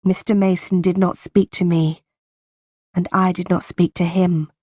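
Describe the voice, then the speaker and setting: A woman narrates a graded reader at a very unhurried pace, each word set apart for learners. Her voice sits a little low and is recorded close with no room sound. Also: flat delivery, a little mellow, no echo. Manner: slow, careful, clearly spaced reading for learners. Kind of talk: slow graded-reader storytelling.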